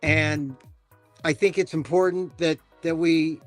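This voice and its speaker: A man hosting a casual talk show, rambling and animated, with many restarts. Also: a little high, takes it slowly, soft background music. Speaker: podcast host. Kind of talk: casual chat.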